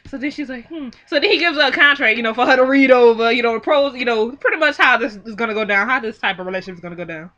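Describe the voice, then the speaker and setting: A young woman talks through a movie plot in a casual, animated way. Her voice sits a little high and bright. She keeps slipping into quick quoted lines for the characters. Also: lo-fi sound. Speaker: film reviewer. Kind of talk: casual movie recap and commentary.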